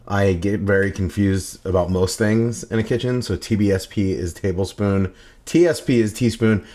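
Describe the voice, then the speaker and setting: A man in his forties cooking in his home kitchen, joking to himself and breaking into playful sing-song shouts. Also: lowish voice, steady tone, normal speed. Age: 40s. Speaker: cooking vlogger. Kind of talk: goofy home cooking vlog. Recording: faint kitchen noise, sizzling pan.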